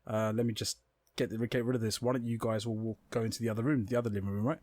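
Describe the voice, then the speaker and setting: Fast-talking young man telling stories. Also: medium pitch. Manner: swearing, animated storytelling with acted-out quotes. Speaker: podcast co-host. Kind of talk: casual chat.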